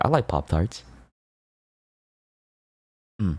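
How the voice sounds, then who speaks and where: A man streaming, chatting casually and playfully with his chat, laughing often and rambling in quick asides. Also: sits low, darkish tone, dry recording, clean studio sound.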